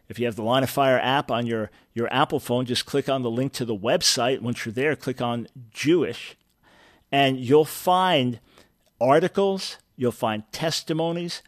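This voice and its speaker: A man's voice: medium pitch, no room sound, clean studio sound. A middle-aged man hosting a call-in radio show, teaching earnestly and stressing points by repeating words. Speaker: radio talk show host.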